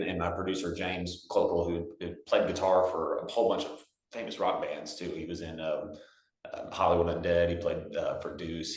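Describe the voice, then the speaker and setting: A young man from Texas, a singer-songwriter guest, telling stories in a relaxed, chatty way with lots of fillers. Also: low voice. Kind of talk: casual storytelling. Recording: roomy echo.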